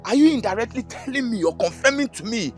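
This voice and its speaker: Pleading his innocence to friends, a young man played by an actor with a Nigerian English accent speaks in a very high, expressive voice at a quick pace. It's Nollywood film acting, recorded as film audio with music behind it.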